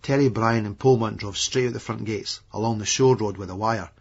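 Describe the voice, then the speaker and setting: A man's voice: lowish voice, fairly quick, creaky, husky. A man with an Edinburgh Scottish accent, narrating a gritty audiobook in a blunt, foul-mouthed first-person way. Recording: dull lo-fi remastered audiobook recording.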